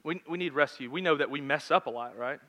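Speaking fast in a fairly high voice, a thirties-aged pastor delivers his sermon like a conversational story, shifting between loud and hushed moments.

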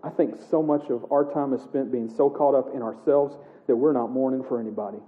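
A man preaching a sermon in a casual, animated way, acting out the scripture he reads aloud. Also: medium pitch, brisk. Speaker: pastor. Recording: echoey room heard over a tinny narrow line.

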